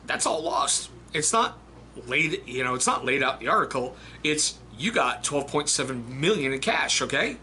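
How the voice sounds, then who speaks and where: A man's voice: medium pitch, animated, moderate pace, pushed and bright, slight background noise. A man, an Army veteran, giving a blunt, chatty book review and reading passages aloud. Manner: blunt, chatty, swears casually. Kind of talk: casual spoken book review.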